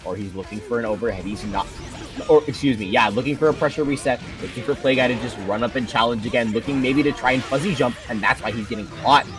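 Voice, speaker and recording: A man's voice: mid-range voice, quick pace, over music. Analytical male fighting game commentator. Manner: analytical, joking. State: tired voice.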